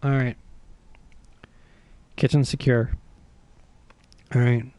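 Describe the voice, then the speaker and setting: A man streaming a game, telling a story in a casual, animated, self-mocking way with swearing. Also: medium pitch, takes it slowly, no echo.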